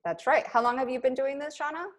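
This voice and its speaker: A woman's voice: high voice, fast talker. A middle-aged woman running a coaching webinar over a video call, upbeat and pep-talking, often breaking into laughter. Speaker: business coach for yoga teachers.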